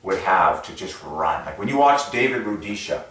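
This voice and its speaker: A man rambling through a casual monologue as a religious numerology video host, excitable, with many fillers and sudden jumps in pitch. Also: normal speed. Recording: very echoey room, far from mic.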